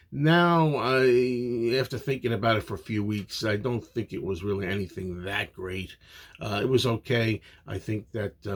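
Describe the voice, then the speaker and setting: A man's voice: lowish voice, breathy edge. A man giving a casual, opinionated spoken movie review, rambling with frequent fillers.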